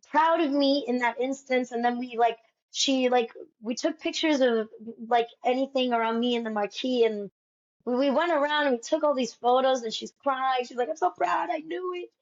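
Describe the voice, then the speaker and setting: A Broadway actress telling stories in a casual interview, animated and peppering her talk with "like". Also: a little high. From United States. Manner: animated, fills speech with "like". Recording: dull lo-fi sound.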